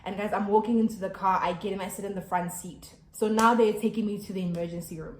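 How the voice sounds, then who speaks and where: A young woman with a South African accent, telling viewers a painful personal story in an animated, emotional way and often calling them "guys". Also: medium pitch, fast, echoey room, a little hiss or hum, low-quality recording. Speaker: YouTuber. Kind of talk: storytime vlog. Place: home by a busy road.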